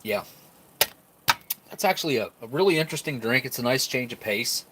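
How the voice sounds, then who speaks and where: A man's voice: mid-range voice, expressive, a little fast, background noise. Easygoing man rambling through a tasting. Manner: rambling, talks while chewing; easygoing, laughs often. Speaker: live-stream food reviewer. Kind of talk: casual live-stream tasting chat.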